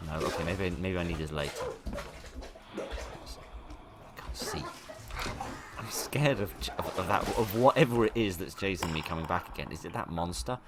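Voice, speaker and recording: Deep-voiced British gamer, rambling. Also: male voice, expressive, noisy background. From Britain. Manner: rambling, self-mocking, halting. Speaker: let's play gamer. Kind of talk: casual gameplay commentary.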